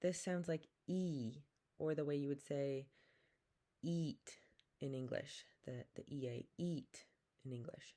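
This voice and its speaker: A woman teaching a language lesson, saying each vowel slowly and repeating words for the listener to copy. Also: sits low, warm tone. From Pacific Northwest, Coast Salish community. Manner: slow and careful, repeats each sound, drawn-out demonstrations. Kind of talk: slow, patient vowel lesson with call-and-repeat.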